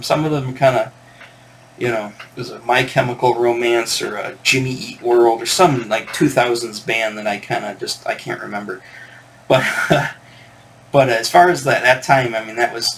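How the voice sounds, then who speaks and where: A man's voice: medium pitch, fairly bright tone, a little hiss or hum. Man rambling through a casual story. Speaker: record collector channel host. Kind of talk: casual chat to camera.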